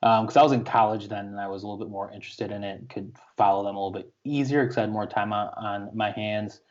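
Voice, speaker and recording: 20s guy, podcast co-host, laid-back, monotone, slightly low voice, muffled audio. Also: fast talker. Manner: laid-back storytelling with many likes. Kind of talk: casual chat. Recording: dull lo-fi audio.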